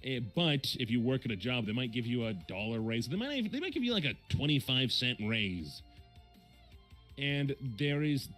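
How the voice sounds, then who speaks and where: Rambling Midwestern man with lively pitch. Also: moderate pace, faint music behind. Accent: Midwestern American. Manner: rambling, many fillers and self-corrections. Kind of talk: casual chat.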